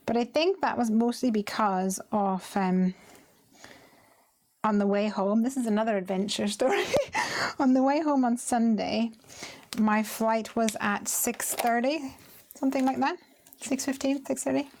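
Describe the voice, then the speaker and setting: A woman hosting a live crafting stream, chatting casually and laughing often as she tells stories and works, sometimes muttering quietly to herself. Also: fairly high pitch, a little slow. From United Kingdom. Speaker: craft livestream host. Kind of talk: casual chat while crafting.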